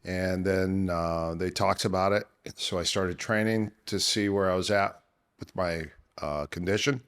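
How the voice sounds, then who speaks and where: A middle-aged man, an MMA coach, telling long stories in a casual interview, rambling with many fillers and restarts, his voice worn from years of yelling. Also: deep voice, steady tone, measured pace, smooth. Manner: rambling anecdotes with many fillers and self-corrections.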